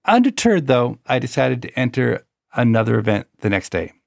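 A man with a gravelly, creaky voice tells a personal anecdote with wry storytelling. His voice sits in the middle range and is recorded dry and close. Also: medium pitch, very animated, normal speed, no echo. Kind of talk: conversational storytelling.

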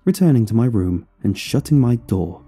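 A man tells a horror tale in the first person, his voice dark and husky. His pitch moves in a lively way as he narrates, with faint music playing underneath. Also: normal speed. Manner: expressive first-person storytelling. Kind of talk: scripted horror story narration.

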